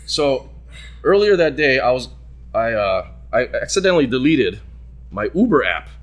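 A man hosting a show, telling a long anecdote in casual chat and acting out the people in it. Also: normal speed. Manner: animated, acts out quoted voices with big jumps in pitch. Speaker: radio show host.

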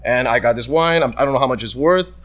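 Bright, animated man telling a story. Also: fast talker. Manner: animated, acts out quoted voices with big jumps in pitch. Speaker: radio show host. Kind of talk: casual storytelling chat.

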